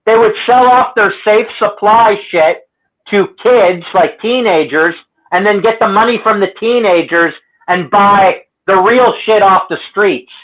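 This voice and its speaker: A man's voice: high-pitched, unhurried. A man from Canada telling rambling, profane stories in casual chat and acting out other people's lines. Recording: muffled lo-fi audio.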